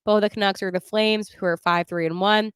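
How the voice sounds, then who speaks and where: Chatty, smooth-voiced woman podcaster. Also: medium pitch, steady tone, a little fast, fairly bright tone, no room sound, studio quality. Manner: chatty and opinionated, laughs often. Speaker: podcast host. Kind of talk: casual sports podcast talk.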